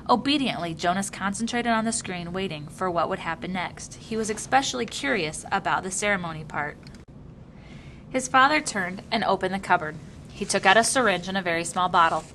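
Female audiobook reader, lower register, measured narration, slight background hum. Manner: measured, even storytelling. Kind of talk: reading a novel aloud.

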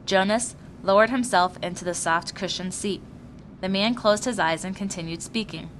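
A woman reads a novel aloud in a calm, steady storytelling voice. Her pitch is mid-range for a woman, and faint noise sits under the reading. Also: moderate pace. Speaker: reader.

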